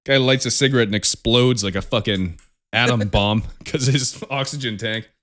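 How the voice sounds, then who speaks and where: A man's voice: medium pitch, normal speed, fairly bright tone. A young man co-hosting a podcast, chatting casually with plenty of profanity and frequent laughter. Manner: profane, ranting, laughs often. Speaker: podcast co-host. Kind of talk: casual chat.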